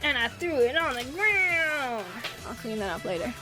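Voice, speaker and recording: A woman's voice: high-pitched, sing-song, normal speed, over music. A young woman streamer telling a story casually to her chat, rambling and giggly with many restarts.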